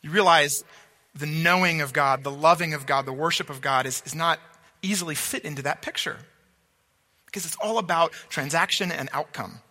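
The long reverb of a large hall surrounds a man preaching earnestly at a moderate pace. His voice is high and tense with a bright, sharp edge, and he repeats words for stress and asks if listeners follow.

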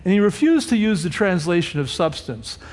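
A man preaching a sermon as a pastor, in a lively conversational manner with frequent rhetorical asides to the congregation. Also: sits high, fairly quick. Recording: long hall reverb.

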